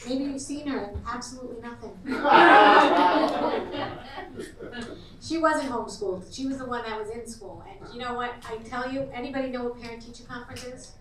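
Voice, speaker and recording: A middle-aged woman hosting and doing brash, conversational stand-up comedy, teasing the crowd, in a comedy club recorded from a distant mic with a loud audience. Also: fairly high pitch, moderate pace, long pauses, echoey room.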